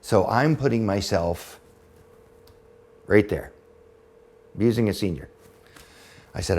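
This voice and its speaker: A man in his fifties, a podcast guest, telling a personal story in a blunt, profane, animated way. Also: on the low side, slow pace, long pauses. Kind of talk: storytelling in casual conversation.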